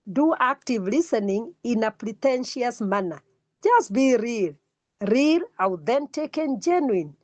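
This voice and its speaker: Woman lecturer, slow emphatic delivery. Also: on the high side, darkish tone, dry recording. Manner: repeats key words slowly for emphasis. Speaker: counselling lecturer. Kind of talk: classroom lecture.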